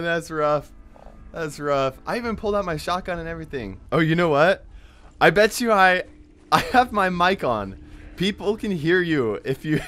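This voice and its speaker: Excitable young man with a lively voice. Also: a little high. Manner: excitable, yelps and laughs at scares. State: has a cold. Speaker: gaming YouTuber. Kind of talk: let's-play commentary.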